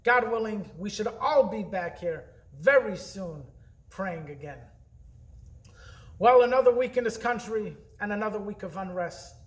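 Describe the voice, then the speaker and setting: A man giving an earnest weekly Torah message, telling the story in a preacherly way with emphatic pauses. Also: sits high, expressive. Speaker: rabbi.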